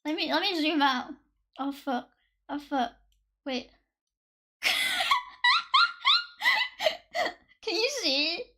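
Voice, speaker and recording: Woman streamer, very high and bright voice, sarcastic and joking with chat, curses often, slightly worn voice. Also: huge pitch swings, drawn-out words, pauses often. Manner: joking, sarcastic, swearing freely. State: voice slightly worn from past strain. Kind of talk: casual chat with live viewers.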